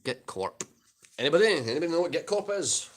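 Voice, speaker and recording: A man's voice: fairly high pitch, lively intonation, a little fast, slight background noise. A Scottish man chatting casually on a livestream, reading viewer comments aloud and answering them. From Scotland.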